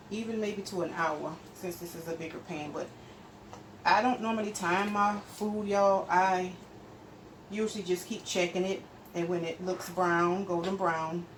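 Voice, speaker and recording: Chatty woman cooking, noisy recording. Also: lowish voice. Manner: chatty, talks straight to viewers as "y'all"; explains steps while stirring and measuring. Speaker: home cook and channel host. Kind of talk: casual cooking demonstration. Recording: steady background noise.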